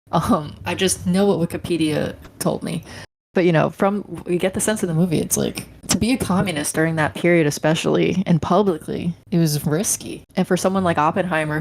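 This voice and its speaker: A woman's voice: sits low, darkish tone. A woman co-hosting a podcast, talking casually and thoughtfully about a film and searching for her words as she goes. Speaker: podcast co-host. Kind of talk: casual film review chat.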